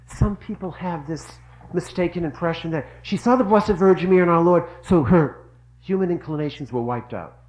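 A man's voice: on the high side, moderate pace, darkish tone, rough recording. A middle-aged man giving an earnest devotional talk, telling stories and repeating phrases for emphasis. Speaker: religious speaker.

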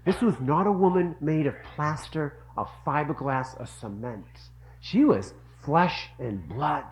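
A man's voice: on the high side, animated, a little slow, low-quality recording. A middle-aged man giving an earnest devotional talk, telling stories and repeating phrases for emphasis. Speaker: religious speaker.

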